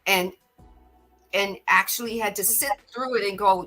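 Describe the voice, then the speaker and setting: A woman's voice: mid-range voice, unhurried, bright, forceful tone, faint music behind. A middle-aged woman hosting a podcast, giving an earnest spiritual talk and often repeating words as she gathers her thoughts. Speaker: podcast host.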